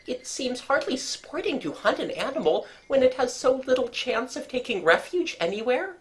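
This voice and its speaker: A nervous, secretive genteel lady, as a woman reads her, anxious and pleading in a storybook reading. Her voice climbs high and moves a lot. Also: big pitch swings, normal speed. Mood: uneasy.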